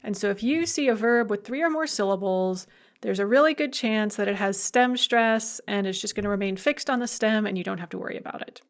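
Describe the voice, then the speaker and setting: A woman language instructor giving a recorded lecture, emphatic and lively, with playful asides. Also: medium pitch, fairly quick.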